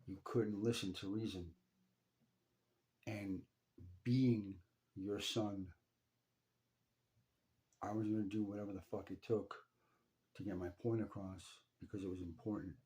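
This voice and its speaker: A man speaking straight to his father in an emotional personal story, intense and profane, halting and repeating himself. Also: fairly low pitch, steady tone, warm tone. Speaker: son telling a personal story. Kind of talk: emotional first-person address.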